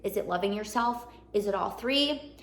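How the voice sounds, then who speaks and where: A woman talks straight to her viewers in a casual, earnest pep talk, asking one rhetorical question after another. Her voice sits at an ordinary middle pitch. The room around her rings with a noticeable echo. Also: animated, moderate pace. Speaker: self-help vlogger. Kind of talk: casual motivational talk to camera.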